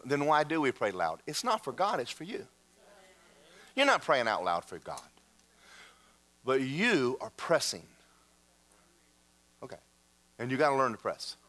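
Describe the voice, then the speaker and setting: A man's voice: mid-range voice, measured pace, long pauses. A man preaching a sermon in a church, telling stories and acting out the people in them. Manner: animated storytelling, acts out quoted voices. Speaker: pastor.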